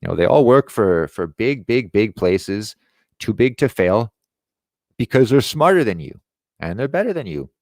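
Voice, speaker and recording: Low-voiced sarcastic ranting man. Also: sing-song, moderate pace, no echo, clean studio sound. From Quebec. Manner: sarcastic, profane. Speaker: online show host. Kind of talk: ranting commentary.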